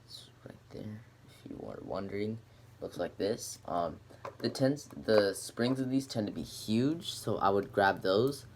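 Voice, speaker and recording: A man's voice: fairly low pitch, expressive, unhurried, a little mellow, a little hiss or hum. A man casually showing off and explaining a homemade gadget, rambling with lots of filler words. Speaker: hobbyist demonstrating a homemade gadget. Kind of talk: casual show-and-tell video.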